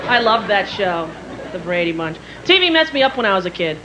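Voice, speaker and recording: A woman in her thirties, a stand-up comedian telling quick, animated stories with jingles and shrill impressions on a theater stage. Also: crowd noise. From New York area. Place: theater stage before a live audience. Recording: live stage mic with loud audience and hall noise.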